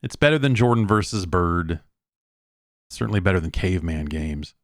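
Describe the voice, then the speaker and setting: A middle-aged man talks through his views on an old game in a loose, rambling way, circling back and restarting his sentences. His voice sits on the low side. The sound is dry and close, with no room around it. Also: animated, normal speed, no echo. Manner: rambling, conversational, lots of restarts and asides. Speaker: show host. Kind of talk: casual solo game review talk.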